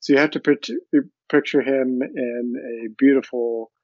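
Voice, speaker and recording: A man hosting a book discussion, chatting in a measured way and reading a passage aloud, in a dry, slightly muffled recording. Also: mid-range voice, steady tone, no echo. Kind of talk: casual chat and book reading.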